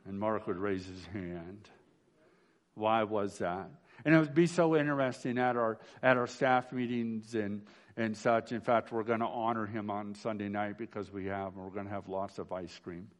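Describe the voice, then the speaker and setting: A man's voice: fairly low pitch, level tone, moderate pace. A man, a pastor, giving a memorial sermon in a folksy storytelling way, often restarting phrases and asking "right?". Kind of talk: funeral sermon.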